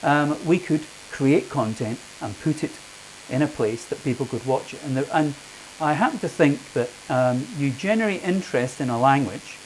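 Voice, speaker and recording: A middle-aged man answers questions from a room full of people, talking in a loose, anecdotal way and often doubling back on his words. His voice sits at an ordinary pitch, with a faint hiss running beneath the recording. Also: animated, normal speed, rough recording. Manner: chatty, anecdotal, frequent restarts. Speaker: panel speaker. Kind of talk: public talk answering questions. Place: meeting room with audience.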